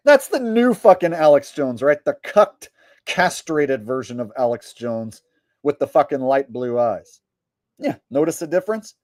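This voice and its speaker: A man's voice: medium pitch, animated, a little slow, darkish tone, no room sound, studio quality. A man, a comedian, doing live stream commentary in a boastful, profane, rambling way.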